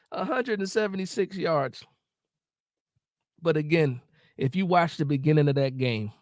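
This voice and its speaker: A man's voice: sits high, no room sound, studio quality. A man hosting a live post-game reaction stream, ranting emotionally and repeating himself while following the chat. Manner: reads and answers live chat.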